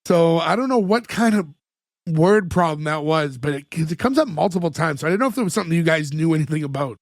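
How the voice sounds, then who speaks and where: A man co-hosting a podcast, retelling sitcom scenes in casual chat, full of "like" fillers and quick laughs. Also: on the high side, lively intonation, no echo, clean studio sound. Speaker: podcast co-host.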